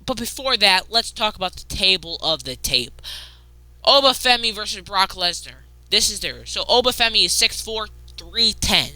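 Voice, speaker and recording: Excitable bright-voiced woman recapping wrestling. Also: mid-range voice, moderate pace, no echo. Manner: excitable, swings between loud outbursts and muttered asides. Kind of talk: casual wrestling news recap.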